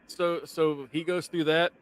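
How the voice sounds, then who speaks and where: Animated man recapping a show. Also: on the high side, measured pace, clear, resonant tone. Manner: animated, swearing, laughing often. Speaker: podcast co-host recapping the episode. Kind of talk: casual podcast chat.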